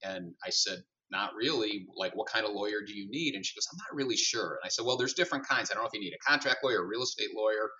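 A man's voice: lowish voice, fast, hardly any pauses, far from the mic, highs cut off. A middle-aged man who runs a company, a podcast guest telling a story and acting out the dialogue in it. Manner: animated storyteller, acts out dialogue.

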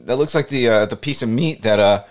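A man's voice: mid-range voice, fairly quick. A man co-hosting a casual baseball podcast who laughs easily and trades loose, jokey stories. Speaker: podcast co-host. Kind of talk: casual sports chat.

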